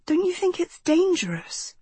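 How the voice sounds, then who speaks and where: A woman voicing an impatient seventeen-year-old girl in an audiobook, pitching her voice higher. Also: very animated, measured pace, dark tone, no room sound, full character voice. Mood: questioning. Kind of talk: audiobook character voice.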